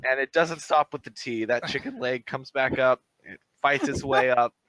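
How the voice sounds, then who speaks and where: A man narrating a tabletop game as game master, describing events lively and often laughing. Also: medium pitch, moderate pace, no room sound. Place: home streaming setup.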